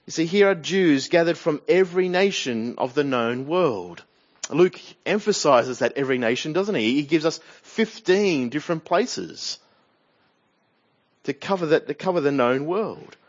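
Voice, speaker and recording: Man, Australian accent, preacher, sermon, slightly high voice, muffled church recording. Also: expressive, a little slow. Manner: expository, asks the congregation questions.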